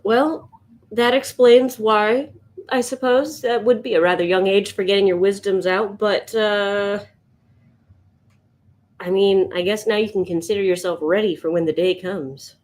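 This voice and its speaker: A woman streaming live as she sketches, chatting to viewers and thinking out loud, yawning now and then. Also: medium pitch, fairly even intonation, unhurried. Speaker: livestream sketch artist. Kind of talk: casual livestream chat.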